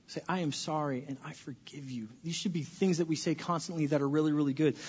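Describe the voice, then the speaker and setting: A man in his thirties preaching a sermon in a church, swinging between hushed, earnest lines and loud, playful bursts. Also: fairly high pitch, breathy edge, lo-fi sound. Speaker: pastor. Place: church sanctuary.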